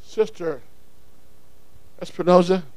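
A man preaching a sermon, swinging from quiet, low asides to shouted calls to the congregation. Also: takes it slowly. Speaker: pastor.

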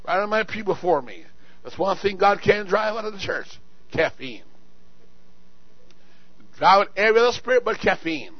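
In a church sanctuary, a male pastor preaches a sermon in a high, lifted voice, dropping low for asides before shouting calls to the congregation and hammering on repeated words. His pitch swings widely, his pace is moderate, and he takes long pauses. The sound is dry and close with no room sound, and the tone is slightly dull and muffled.

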